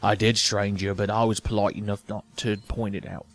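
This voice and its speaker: A man doing a folksy, rough-voiced merchant. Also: lowish voice, little pitch movement, brisk, voice pushed down, natural voice. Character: old-fashioned male weapons merchant, folksy.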